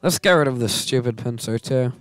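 A man's voice: medium pitch, a little fast, no room sound, faint music behind. A man hosting a game let's play, giving casual commentary that turns into melodramatic grumbling and self-mocking rants.

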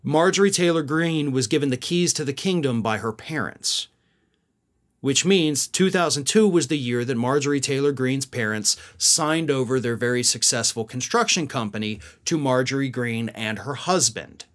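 A man's voice: medium pitch, moderate pace, fairly bright tone. A man hosting a political commentary show, talking casually to viewers with musing asides.

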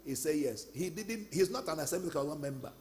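A man with a Nigerian accent preaching a sermon as pastor, telling stories and breaking into shouts. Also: on the high side, expressive, brisk. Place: large church hall. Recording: long church hall reverb.

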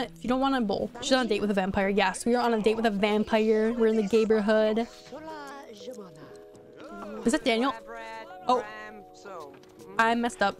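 Female streamer, high-ish voice, excitable and sweary casual game commentary over faint music. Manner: excitable, swears, quick exclamations.

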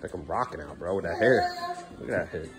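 Loud music plays behind this man's low, expressive voice, and he talks fast. He's a father in an informal kitchen vlog at home, sweet-talking his children before getting firm with them, while sharing chatty asides with the camera as he narrates and minds them.

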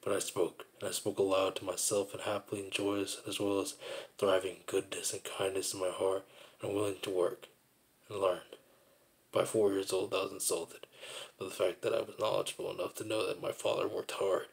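A man's voice: deep voice, level tone, normal speed, creaky. A man telling a personal story in a rambling, repetitive, reflective monologue.

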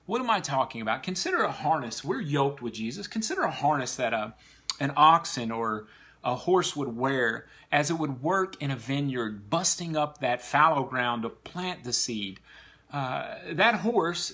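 Guy preaching a sermon to a church crowd, kinda high voice, swings up and down a lot. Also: lively intonation, normal speed, bright, forceful tone, slightly rough. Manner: earnest exhortation addressed to the congregation.

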